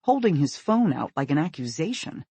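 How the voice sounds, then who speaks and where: Male audiobook narrator, expressive and husky, dry close recording. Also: fairly high pitch, moderate pace, dry recording.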